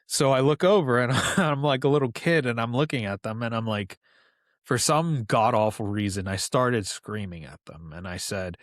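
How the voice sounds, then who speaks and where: A man in his thirties from New York, a podcast guest telling personal stories in a relaxed, conversational way with asides. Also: mid-range voice, normal speed, dry recording, clean studio sound. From New York, USA. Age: 30s. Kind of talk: casual storytelling.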